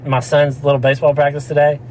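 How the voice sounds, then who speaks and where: A man, somewhat high-pitched for a man, tells a rambling story in easy podcast chat, laughs as he goes and drops into quick mock voices of the people in it. A faint hum sits behind him in the room. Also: completely flat delivery, darkish tone, rough recording. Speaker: podcast co-host. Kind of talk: casual chat.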